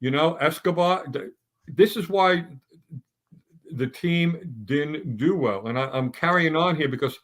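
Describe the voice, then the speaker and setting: A man's voice: fairly high pitch, unhurried. A middle-aged man on a sports talk round table, ranting bluntly and stumbling through restarts as he builds his points.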